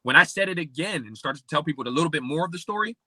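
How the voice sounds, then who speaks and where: A man from Pennsylvania talks as a podcast guest, racing through his story in a bright, forceful, fairly high voice. He is animated and acts out the voices of the people in his story. The sound is close and dry. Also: rapid-fire, breathy edge, no room sound. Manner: animated, acts out quoted speech, many fillers like "like". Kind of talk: casual storytelling interview.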